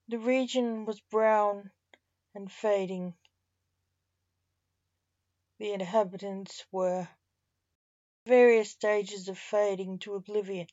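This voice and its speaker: Woman reading a story real slow, dry dull lo-fi audio. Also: mid-range voice, steady tone, darkish tone, no echo. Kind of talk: scripted narration.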